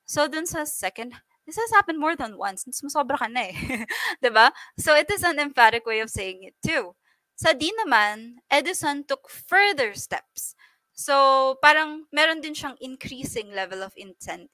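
A woman's voice: a little high, bright, forceful tone, dry recording. A woman with a Filipino accent leading a live online exam review lesson, asking her class questions as she goes. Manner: switches between English and Tagalog, asks the class questions.

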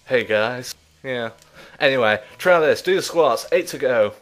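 A man's voice: medium pitch, lively intonation, unhurried, a bit bright, soft background music. A man commentating his gameplay in a casual, chatty way, out of breath, self-mocking and laughing often. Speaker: let's play host.

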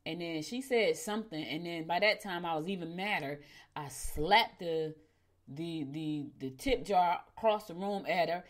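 A middle-aged woman with a somewhat low voice who hosts a morning show in a chatty, familiar way. She keeps talking to her listeners as "y'all," and her pitch and loudness swing sharply as she gets into a story. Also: moderate pace. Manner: animated, with sudden jumps in pitch and loudness. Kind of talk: casual storytelling and horoscope reading.

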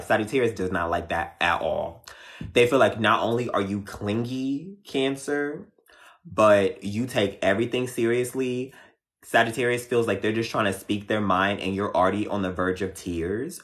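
A man's voice: lowish voice, fairly bright tone. A man doing a casual live astrology reading, talking straight to his listeners in a sassy, teasing way. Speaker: astrology reader.

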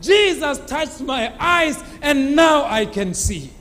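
Preacher voicing a joyful healed beggar, very high excited voice, shouting testimony, long church echo, soft music. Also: male voice, slow, exaggerated voice. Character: healed blind beggar man, joyful and exuberant.

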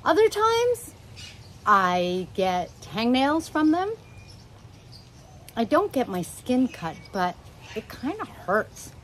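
A woman's voice: a little high, very animated, takes it slowly, long pauses, fairly bright tone, slight background noise, low-quality recording. A middle-aged woman at home chatting casually about her parrots, rambling and affectionate, sometimes breaking off to talk to her birds. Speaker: parrot owner and channel host. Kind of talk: casual chat to camera.

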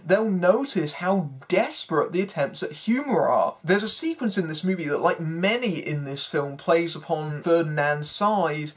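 A film critic giving a spoken review in a sarcastic, exasperated manner. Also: medium pitch.

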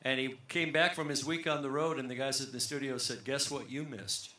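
A man's voice: mid-range voice, fairly even intonation, fairly quick, bright, forceful tone. A man leading a band on an outdoor amphitheater stage, chatting between songs in a joking, rambling, self-deprecating way into a stage mic. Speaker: bandleader and singer. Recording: roomy live concert sound with faint music.

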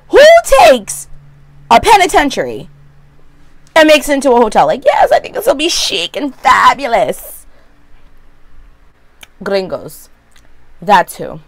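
A woman giving a sassy, opinionated recap of a TV episode in a casual vlog, full of quick asides. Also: medium pitch, a bit bright, dry recording. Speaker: vlogger.

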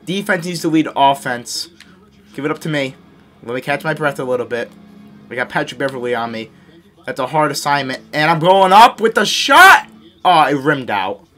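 A young man giving excitable live commentary on his own basketball video game, scolding his teammates and mocking himself. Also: fairly high pitch, normal speed, soft background music. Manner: excitable, yells and laughs at big plays. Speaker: gaming YouTuber.

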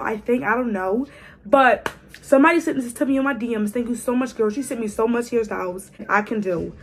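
A young woman in her twenties chatting casually to camera as a beauty vlogger, her voice raspy from a cold, playful and teasing. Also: a little high, a little hiss or hum. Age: 20s. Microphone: phone camera.

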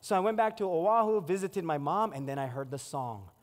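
Pastor, 40s, storytelling sermon, high pitch, reverberant sanctuary. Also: male voice, brisk. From Hawaii. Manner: storytelling, animated acted-out quotes. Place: church sanctuary. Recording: long hall reverb.

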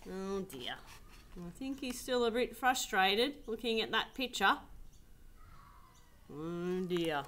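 High-voiced teacher reading aloud. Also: female voice, takes it slowly, long pauses. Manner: soft, gently amused asides. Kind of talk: reading a picture book aloud.

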